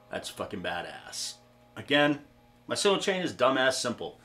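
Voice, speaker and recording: A man's voice: mid-range voice, very animated, normal speed, pushed and bright. A man hosting a guitar pedal demo vlog, talking in a profane, rambling, jokey way. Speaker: gear demo host. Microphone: guitar-cab recording setup, camera mic.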